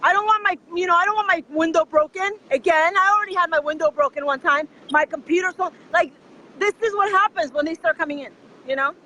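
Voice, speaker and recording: Very high, bright-voiced rambling host. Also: male voice, quick pace, slight background noise, rough recording. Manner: rambling, repeats and restarts phrases. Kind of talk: casual live-stream conversation.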